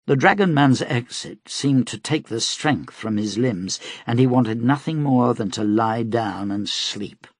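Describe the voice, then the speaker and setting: A man reading an audiobook aloud in a steady, dramatic manner as its narrator. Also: medium pitch, a little slow, few pauses, no room sound, studio quality. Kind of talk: scripted narration.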